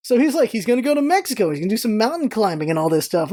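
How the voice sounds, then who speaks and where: A woman vlogger telling a story in a casual, animated way, acting out quoted lines in a raised voice. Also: medium pitch, very fast, hardly any pauses.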